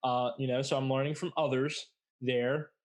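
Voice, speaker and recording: A man's voice: medium pitch, level tone, moderate pace. A young adult man hosting a podcast, telling a long story in a rambling, casual way with lots of filler words and blunt swearing. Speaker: podcast host.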